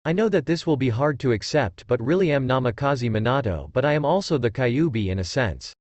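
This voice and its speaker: A man's voice: medium pitch, expressive, a little fast, darkish tone, no room sound, close to an everyday voice. A man voicing a cheeky, kind spirit of a father who explains things at length.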